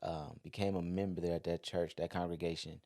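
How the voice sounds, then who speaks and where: A man in his thirties hosting a podcast, telling a personal story in a relaxed, conversational way, full of "like" and "you know". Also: low voice, fairly quick. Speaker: podcast host. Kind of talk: casual storytelling.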